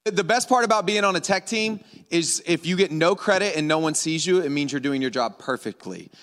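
A pastor from Louisiana preaches into a stage microphone, loose and playful as he tells a road-trip story. His voice sits high, and a long hall reverb rings behind him. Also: fairly quick. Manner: casual, joking, animated storyteller. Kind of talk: sermon with storytelling. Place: large church auditorium.

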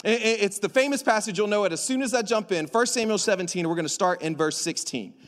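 A man preaching a sermon to a church congregation, animated and joking, acting out dialogue in slang. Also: sits high, fast. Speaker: pastor. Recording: long hall reverb.

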